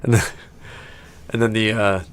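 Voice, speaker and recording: Man, low voice, game master, rambling narration, many fillers, laughs often. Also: little pitch movement, normal speed, smooth.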